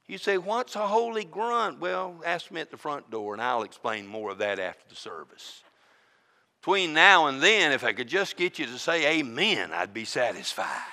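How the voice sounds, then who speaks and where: A man preaching a sermon as interim pastor, swinging from booming declarations to hushed asides. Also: vocal fry, long reverb tail.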